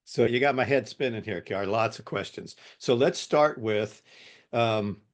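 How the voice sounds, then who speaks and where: A man's voice: on the low side, normal speed. A man hosting an education podcast who asks his guest questions from the point of view of his listeners. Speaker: podcast host. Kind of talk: interview questions.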